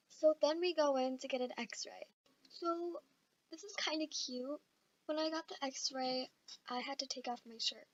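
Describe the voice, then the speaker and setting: A woman's voice: sits high, unhurried, lo-fi sound. A woman casually telling a story time. She rambles and mocks herself, with fillers and swearing.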